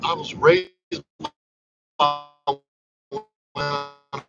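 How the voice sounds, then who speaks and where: A man's voice: medium pitch, a little slow, long pauses. A man hosting a casual livestream monologue, talking in a blunt, profane, preachy way. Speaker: livestream host. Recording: muffled lo-fi audio with background noise.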